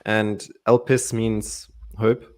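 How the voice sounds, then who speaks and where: A man explaining Greek grammar in a relaxed Bible study chat, playful and laughing often. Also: on the low side, takes it slowly, clean tone.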